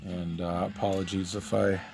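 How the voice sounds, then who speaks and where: Low, gravelly-voiced man chatting while he draws. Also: moderate pace, music in the background. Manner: relaxed, rambling, many fillers. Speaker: artist streaming a live drawing session. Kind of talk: casual chat while drawing.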